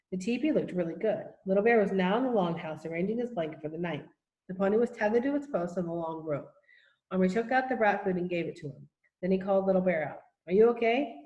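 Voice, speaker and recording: A woman reading a children's novel aloud in a steady, even manner, in an echoey room. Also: medium pitch, dull audio. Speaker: audiobook reader. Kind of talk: storybook narration.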